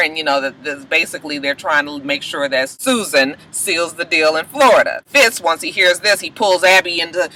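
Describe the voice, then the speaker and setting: A man with a high voice and a very bright, sharp tone recaps a TV episode in a sassy, casual way. He swears freely and slips into the characters' lines as he retells the scenes. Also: poor audio. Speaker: TV recap vlogger.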